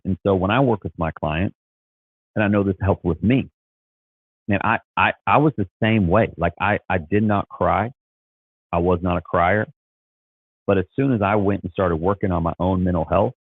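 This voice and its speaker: A man's voice: low-pitched, husky, no echo, narrow, tinny audio. A man talking as a Christian life coach, earnest and encouraging, often repeating and restarting his words. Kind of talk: casual motivational talk.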